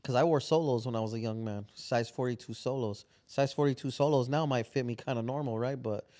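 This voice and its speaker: A man co-hosting a podcast in relaxed chat. His voice sits at an ordinary middle pitch. He wanders through his stories in loose street slang. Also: a little fast. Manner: slangy, rambling storyteller. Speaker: podcast co-host. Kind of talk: casual chat.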